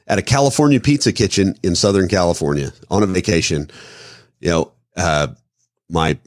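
In casual podcast talk, a Midwestern man co-hosts and explains self-defense phrasing, acting out examples as he goes. His voice is low, and the recording has a clean studio sound with no room sound at all.

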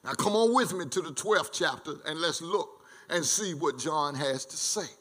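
A male pastor preaching a sermon in an emphatic way, with repetitions and lively asides. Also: a little high, moderate pace.

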